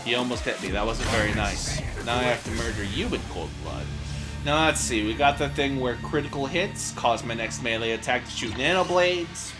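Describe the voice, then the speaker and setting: A man at a middle pitch talks through his run as a gaming streamer. He jumps between eager play-by-play and jokey asides, and swears freely. Game music plays clearly behind him. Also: moderate pace. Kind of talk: casual gameplay commentary.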